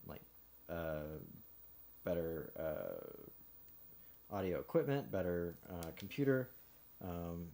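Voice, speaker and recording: A man talks casually to his stream while building a model kit. His voice sits a little low, and he rambles with plenty of ums, uhs and restarts, chuckling now and then between thoughts. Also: mellow. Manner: rambling, with many fillers and restarts.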